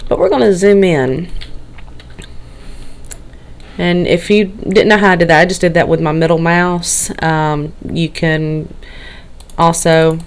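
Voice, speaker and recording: Tired, tongue-tied Southern woman. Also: on the low side. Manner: rambling, tongue-tied, nervous. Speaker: game tutorial narrator. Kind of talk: casual screen-recorded walkthrough.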